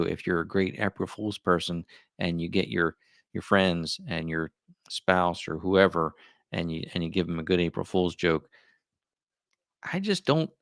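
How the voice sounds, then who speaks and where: A middle-aged man hosts a livestream, chatting casually and musing aloud with many asides. His voice is deep, gravelly and a bit bright, captured in clean studio quality with no room sound.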